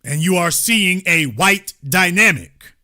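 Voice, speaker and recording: Male commentary host, high and very bright voice, emphatic and repetitive delivery. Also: lively intonation, slow. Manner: emphatic, repeats key points, lectures the audience directly. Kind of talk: political commentary monologue.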